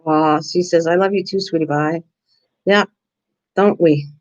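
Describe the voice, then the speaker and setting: A woman's voice: on the low side, fairly even intonation, a little slow. An older woman hosting a casual live stream, rambling chattily and answering viewers' comments by name. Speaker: live-stream craft host. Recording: dull lo-fi stream audio.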